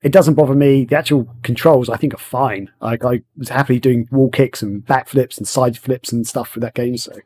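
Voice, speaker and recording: A man's voice: medium pitch, fairly even intonation, fairly quick, hardly any pauses, dark tone. A man with an English accent, hosting a casual podcast chat, rambling with many fillers. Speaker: podcast host.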